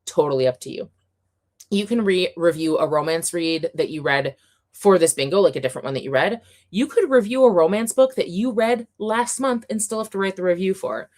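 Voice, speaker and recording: A young woman from the United States hosting a relaxed livestream. Her voice sits a little low, and she talks in a chatty, upbeat way full of fillers and small laughs as she answers her viewers. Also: brisk. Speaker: livestream host reading chat. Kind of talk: casual livestream chat.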